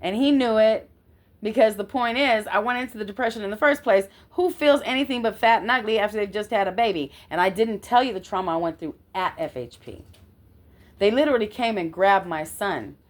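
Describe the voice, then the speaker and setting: Telling a personal story, this woman sounds indignant and forceful, with occasional swearing and repeated checks that her listener is keeping up. Her mid-range voice is a little fast, with lively intonation.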